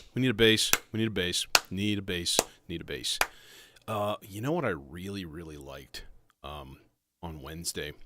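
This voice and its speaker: A man's voice: lowish voice, fairly bright tone, dry recording. A man hosting a casual livestream about modular synths, rambling and self-interrupting as he talks. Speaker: livestream host. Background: faint synth music.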